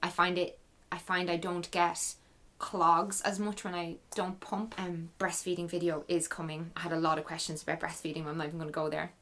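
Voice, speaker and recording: A woman's voice: on the low side, flat delivery, fairly quick, fairly bright tone. A young Irish woman chatting frankly and emotionally as she answers viewer questions, laughing often. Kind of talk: casual Q&A chat.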